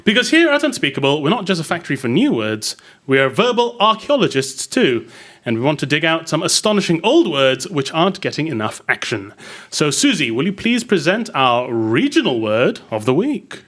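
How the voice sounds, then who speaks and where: A man's voice: fairly high pitch, moderate pace. A man hosting a comedy word panel show, playful and upbeat as he introduces each round. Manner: lively, playful. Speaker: host.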